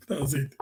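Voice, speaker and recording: A man with a Nigerian accent chatting casually to his live-stream viewers, talking quickly and often repeating and restarting words as he mixes in pidgin. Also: mellow, a little hiss or hum. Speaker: live-stream host answering viewer questions.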